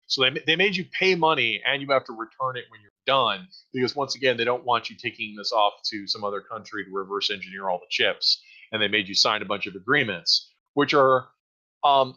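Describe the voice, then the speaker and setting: Bright rambling game master man. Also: medium pitch, very animated, a little fast, muffled recording. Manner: rambling, hedging, dryly sarcastic. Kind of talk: narrating a tabletop game.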